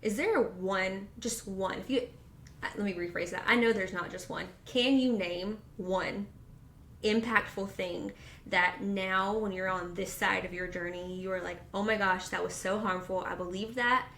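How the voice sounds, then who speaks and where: A woman hosting a casual interview, asking questions haltingly and rephrasing as she goes. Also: fairly even intonation, fairly bright tone. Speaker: podcast host. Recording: echoey room with faint rumble.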